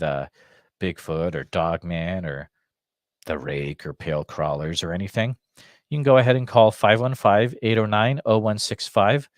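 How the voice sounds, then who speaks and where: A man's voice: fairly low pitch, no echo, studio quality. A man hosting a live call-in show, chatting casually and rambling, with many fillers and restarts and a slight Massachusetts accent. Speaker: host of a live call-in podcast. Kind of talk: casual live-stream chat.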